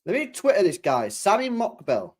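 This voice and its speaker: A man's voice: high voice, wildly swooping pitch, moderate pace. A young man chatting casually on a football stream, exasperated, swearing often and laughing.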